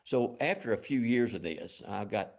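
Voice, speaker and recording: A man's voice: medium pitch, animated, moderate pace, darkish tone. A middle-aged man from Lubbock with a West Texas accent, telling folksy, rambling stories as an interview guest. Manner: rambling, folksy, self-deprecating. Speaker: guest artist. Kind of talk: casual storytelling interview.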